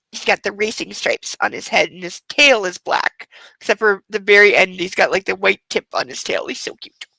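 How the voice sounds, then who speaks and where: A woman hosting a book club livestream, chatting casually and reading aloud, giggling and exclaiming in loud reactions. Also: medium pitch, gravelly, breathy edge, dry recording, low-quality recording.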